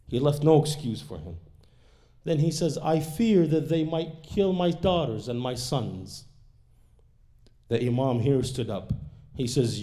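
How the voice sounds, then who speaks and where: A man giving a sermon, telling a historical account dramatically, swinging between hushed and raised lines, and reciting quick Arabic quotes before translating them. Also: mid-range voice. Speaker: speaker at a religious gathering. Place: mosque or community center hall.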